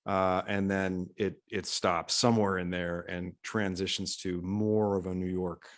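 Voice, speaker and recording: A man talks in a casual podcast conversation. He muses in a measured, thoughtful way, weighing each point as he goes. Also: low voice, little pitch movement. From Pittsburgh, USA.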